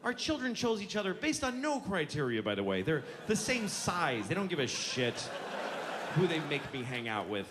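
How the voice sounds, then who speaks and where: A man's voice: fairly high pitch, huge pitch swings, normal speed, crowd noise. A middle-aged man doing stand-up on stage, ranting in an exasperated, profane way. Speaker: stand-up comedian. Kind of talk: stand-up routine. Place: stage before a live audience. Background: audience laughter and room ambience.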